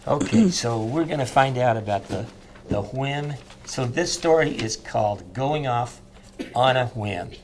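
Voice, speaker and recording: A man playing a train engineer on a children's TV show, speaking gently and kindly to the kids. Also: mid-range voice, animated, measured pace, a little hiss or hum. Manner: gentle, friendly, simple words for kids.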